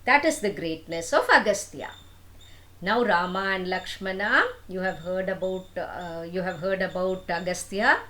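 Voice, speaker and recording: An older woman telling a myth to her grandchildren, animated and chatty, with asides and questions to her listeners. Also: fairly low pitch, a little slow. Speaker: storyteller.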